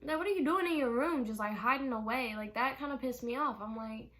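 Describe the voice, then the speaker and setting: A young woman telling a casual storytime vlog in an animated, exasperated way, swearing freely. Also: high voice, a little fast, few pauses. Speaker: vlogger.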